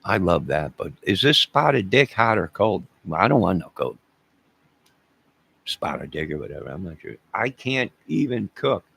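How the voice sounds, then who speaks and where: A man's voice: low-pitched, very animated, measured pace, creaky, pushed and bright, husky. A man from the American South hosting a casual live stream, rambling jokily and talking to his chat viewers by name.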